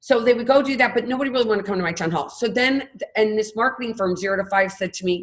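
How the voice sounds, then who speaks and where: A woman's voice: medium pitch, fast, hardly any pauses. A woman in her fifties, a podcast guest, telling her story candidly and with animation. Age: 50s. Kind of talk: casual interview talk.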